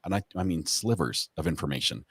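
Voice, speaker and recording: Deep, husky man chatting animatedly. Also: fairly quick, dry recording, studio quality. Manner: animated storytelling with bursts of laughter. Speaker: co-host. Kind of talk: casual chat.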